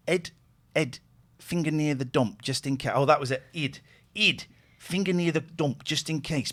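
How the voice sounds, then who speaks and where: Casting: male radio host, lively pitch, wry and quick with the desk. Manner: animated, wry, running the desk. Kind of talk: casual radio banter.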